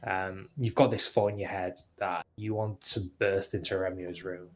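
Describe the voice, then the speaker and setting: Low-voiced man narrating a tabletop game. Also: moderate pace. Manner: relaxed, many fillers. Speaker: game master.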